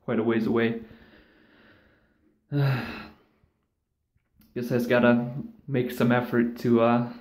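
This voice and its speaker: A man of ordinary pitch rants in a loose, rambling way, swearing often and slipping into sarcastic mock voices. The room around him is echoey and bare. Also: flat delivery, slow pace, pauses often, a little mellow. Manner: rambling, profane, sarcastic, with mocking put-on voices. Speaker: vlogger. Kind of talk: casual ranting monologue.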